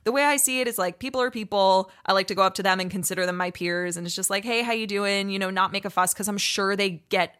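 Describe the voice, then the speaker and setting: A woman's voice: mid-range voice, quick pace, few pauses, fairly bright tone. A young woman co-hosting a podcast, telling a giddy story in casual chat and acting out what people said. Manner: giddy storytelling, acts out quoted speech. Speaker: podcast co-host.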